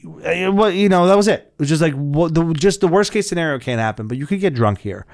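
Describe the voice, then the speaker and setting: A man's voice: on the high side, lively intonation, fast talker, gravelly, darkish tone. A young man hosting a podcast, telling a rowdy story in casual, profane chat and acting out the voices of the people in it. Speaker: podcast co-host.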